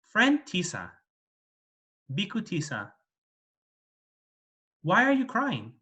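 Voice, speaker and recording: A man voicing a calm, wise male teacher who gently corrects a proud student. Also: sits high, takes it slowly, voice pushed up, exaggerated voice. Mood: questioning.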